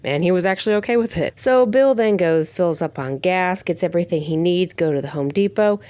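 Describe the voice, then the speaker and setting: A woman's voice: lowish voice, a little fast, darkish tone, dry recording. A woman giving a casual spoken review of a TV show, chatty and emotional, with frequent laughs.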